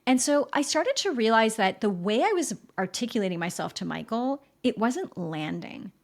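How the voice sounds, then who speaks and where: A woman's voice: fairly high pitch, sing-song, moderate pace. A woman hosting her own podcast, talking candidly to listeners and often checking in with them. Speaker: podcast host. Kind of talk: candid solo podcast talk. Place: home in a rainy city.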